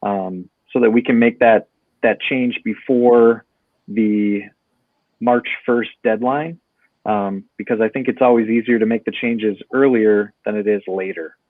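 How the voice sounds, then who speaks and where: A man from the school staff calmly answering a student's question on a panel, with a few fillers. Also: on the low side, measured pace, dry recording. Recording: dry, phone-like line.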